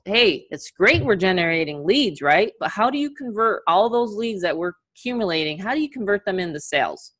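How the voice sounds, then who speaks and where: A middle-aged woman with a New York accent who leads a live online business training over a video call, talking in an energetic, chatty way and laughing often. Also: medium pitch.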